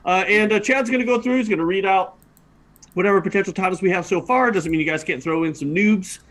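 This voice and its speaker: A man's voice: high-pitched, fast, fairly bright tone. A man hosting a live-streamed improv show, talking loosely with many fillers and laughs. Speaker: host.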